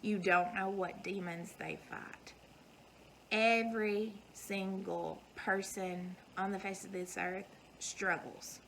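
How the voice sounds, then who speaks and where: A woman's voice: mid-range voice, fairly even intonation, slow, creaky, fairly bright tone, slight background noise, rough recording. A woman, giving an earnest, folksy motivational talk to her viewers. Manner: earnest, folksy, emphatic repetition. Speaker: vlogger.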